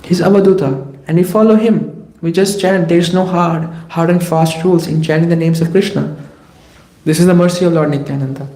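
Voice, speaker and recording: A man's voice: on the high side, fairly quick, echoey room, low-quality recording. Man teaching a scripture class. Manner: lively storytelling, speaks in the voices of the people in the tale. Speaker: lecturer at a daily scripture class. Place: temple hall.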